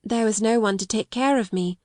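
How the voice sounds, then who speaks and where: A woman reading the part of a quiet, sad young orphan girl in an audiobook, steady and unrelenting. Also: a little high, brisk, no room sound, clean studio sound, natural voice.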